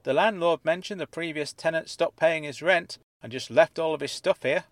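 A man voicing a curt, distracted man in a bedsit who talks in a gruff, offhand way. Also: a little high, normal speed, a bit bright, no echo, voice pushed up.

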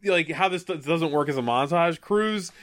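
A man co-hosting a casual movie-review podcast, retelling scenes in quick, chatty bursts with short laughs. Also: a little high, a bit bright. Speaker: podcast co-host.

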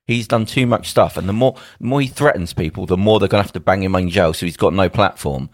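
A man's voice: sits low, fast, no room sound, clean studio sound. A man co-hosting a podcast from home over a video call, rambling emphatically and acting out what people might say. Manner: rambling, emphatic, acts out quotes. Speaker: podcast co-host. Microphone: home mic on a video call.

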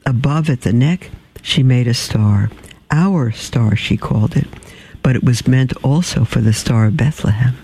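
Male storybook reader, dark mellow tone, creaky and gravelly, measured delivery. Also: medium pitch, poor audio. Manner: measured, unhurried reading with small slips and throat clearing. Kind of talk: reading a storybook aloud.

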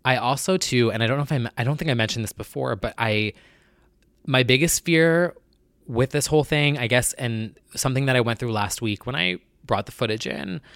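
Guy vlogging about his life, kinda nasal, rambles and restarts a lot, mid pitch, dry close mic. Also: fairly quick, vocal fry, a bit bright, dry recording. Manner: earnest, rambling, self-correcting. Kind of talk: candid personal vlog.

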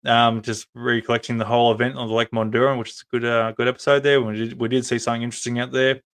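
A man's voice: mid-range voice, flat delivery, very fast, smooth. A man with an Australian accent hosting a podcast live stream, chatting casually and rambling with many ums and restarts. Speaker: podcast host.

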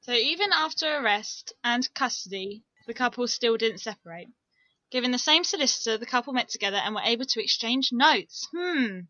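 A woman's voice: on the high side, expressive, brisk, bright, forceful tone, no echo, dull audio. A young woman, co-hosting a casual true-crime podcast, with blunt, swearing remarks. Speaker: podcast co-host.

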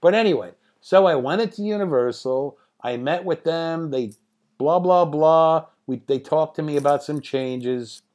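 A man in his sixties, a guest in an interview, telling anecdotes from home in a lively way, often laughing and swearing. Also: fairly high pitch, measured pace. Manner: animated, laughing, profane.

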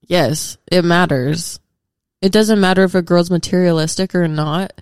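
A young woman co-hosting a podcast, chatting casually and reacting quickly. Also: lowish voice, darkish tone, clean tone, dry recording, studio quality. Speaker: podcast co-host. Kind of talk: casual chat.

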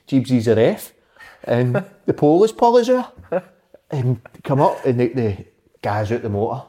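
A man's voice: medium pitch, expressive, a little slow, mellow. A Scottish man, a former footballer, chatting casually and rambling through anecdotes with the odd swear word. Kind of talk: casual chat about his playing days.

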